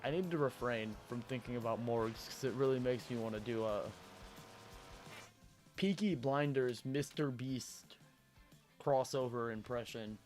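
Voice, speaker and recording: A man live-streams a game over game music, chatting casually with viewers in an animated, rambling way and laughing often. His voice is mid-range and a little slow.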